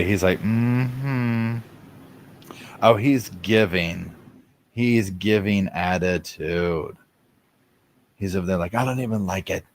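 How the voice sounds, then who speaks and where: A man giving chatty, sarcastic live commentary over a courtroom stream, acting out what people in the room might be thinking. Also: lowish voice. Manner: chatty, sarcastic, acts out people's thoughts in asides.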